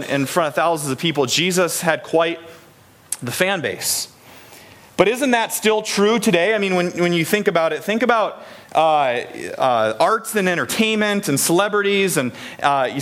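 Midwestern male pastor, conversational sermon, high-ish voice, keeps asking the crowd questions. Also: a bit bright. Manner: chatty, asks the congregation questions. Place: church in Des Moines, Iowa.

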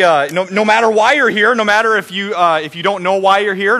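A man's voice: high voice, pushed and bright. A middle-aged man preaching an Easter sermon as pastor, joking and playful with his congregation.

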